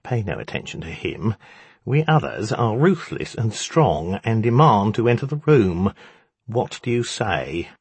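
A man's voice: lowish voice, sing-song, unhurried, slightly rough, dry recording, heavily acted. A man voicing an impatient, pompous male jinn who speaks in a haughty, mocking, commanding way.

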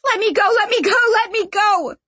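A woman's voice: very high voice, a little fast, fairly bright tone, no echo, pitched above the performer's own voice. A woman voicing a desperate young woman thief who shrieks in panic and repeats herself in an audiobook. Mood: screaming.

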